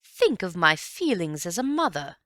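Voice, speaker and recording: A fairly low but fairly bright female voice, very animated and moderately paced, brings an emphatic, gossipy society mother to life for an audiobook. The character is middle-aged, gushing and indignant, and the studio recording is free of any room sound.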